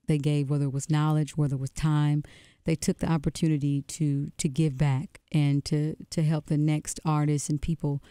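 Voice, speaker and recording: Mellow, smooth-voiced woman musician guest. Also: low-pitched, dry recording, clean studio sound. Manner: reflective, restarts phrases often. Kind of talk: radio interview, storytelling. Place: radio studio.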